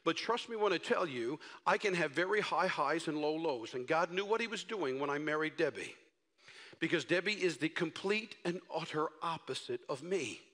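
A male pastor preaching a sermon in a dramatic, expressive way. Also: a little high, normal speed. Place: church sanctuary. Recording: echoey church hall.

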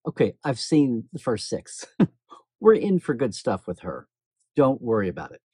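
A man hosts a casual commentary vlog with a husky, slightly breathy voice. He talks in a playful, teasing and animated way. The recording is dry and close, with no room sound. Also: on the high side, no echo. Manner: animated, playful and teasing, chuckles between points. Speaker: host.

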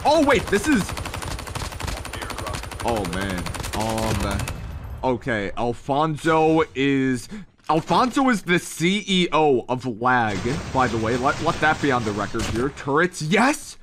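A man giving excitable, jokey live commentary on a shooter game, with sudden yelps. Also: mid-range voice, takes it slowly, background noise. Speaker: gaming streamer. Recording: game gunfire loud behind voice. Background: gunshots and game sound effects.

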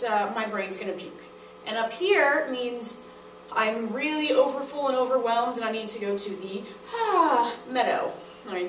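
Young woman teacher, higher voice, playful and demonstrative, recorded a bit off-mic in an echoey room. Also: fairly bright tone, far from the mic, a little hiss or hum. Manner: playful, demonstrative, acts out student reactions. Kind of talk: classroom technique review to camera.

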